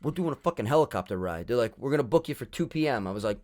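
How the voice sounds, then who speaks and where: A man's voice: mid-range voice, expressive, rapid-fire, a little mellow. A young man co-hosting a podcast, telling a rambling story full of swearing and fillers in casual chat. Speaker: podcast co-host.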